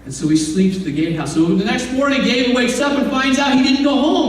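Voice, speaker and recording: A pastor preaches a sermon in a church sanctuary, telling the story conversationally with asides and acting out quoted voices. His voice is high-pitched and animated at a moderate pace, captured on a distant mic in an echoey hall with faint room noise.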